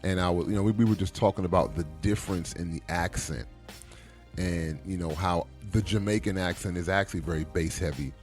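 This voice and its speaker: With faint music behind him, a man co-hosting a podcast tells stories at a brisk clip in his low voice. He's an animated storyteller in casual chat, performing the dialogue as he goes.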